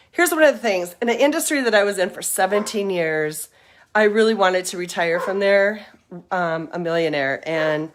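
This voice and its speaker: A middle-aged woman with a fairly low voice hosts a casual livestream, walking around outdoors by her home and yard. She's upbeat and rambling, a little out of breath, and there's a little hiss or hum.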